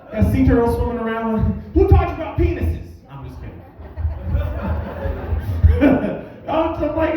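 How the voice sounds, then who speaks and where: A stand-up comic from Albuquerque with a high voice, ranting in mock anger and swearing freely through his set. He sounds distant and a little dull, as if caught by a far-off recorder in a very echoey room. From Albuquerque, USA. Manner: ranting, profane, mock-angry. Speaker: stand-up comedian. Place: bar comedy stage.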